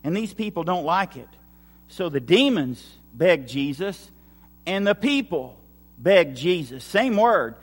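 A man's voice: high voice, very animated, slow, big-room sound. A man preaching a sermon with emphatic, repetitive lines and acted-out quotes. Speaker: pastor.

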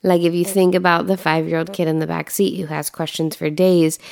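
Woman, low voice, reflective, conversational, dry sound. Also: level tone, a little fast, vocal fry, darkish tone, dry recording. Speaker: podcast co-host. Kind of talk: casual faith talk.

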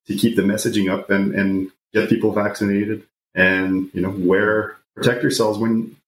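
A man, an immunologist guest on a podcast panel, speaking in a measured and hesitant way with many fillers. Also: lowish voice, little pitch movement. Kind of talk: casual panel discussion. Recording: roomy remote audio with faint hiss.

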